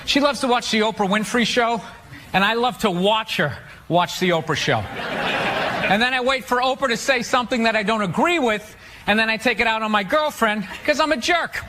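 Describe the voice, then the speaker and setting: A man doing stand-up comedy, ranting loudly with lots of swearing and mock voices. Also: high-pitched, normal speed. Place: theater stage with live audience. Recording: live audience laughter and stage noise.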